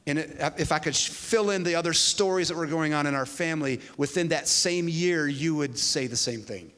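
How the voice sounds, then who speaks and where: A man preaches in a large church hall, his voice high and bright. He tells a story with an animated delivery, dropping low and soft, then rising loud. Long reverb trails after each phrase. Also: a little fast. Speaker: pastor. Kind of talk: sermon.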